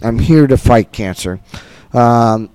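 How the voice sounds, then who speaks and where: Man, middle-aged, concert producer, impassioned, repetitive, dark mellow tone, dry sound. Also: medium pitch, takes it slowly, clear, resonant tone, no room sound. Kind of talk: festival interview.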